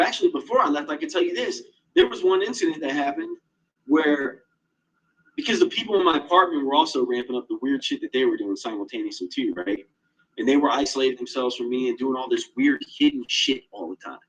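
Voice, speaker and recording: Husky, fairly high-voiced man, agitated and profane, with a lively, swinging delivery. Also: rough recording. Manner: agitated, profane, heavy swearing. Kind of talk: casual monologue.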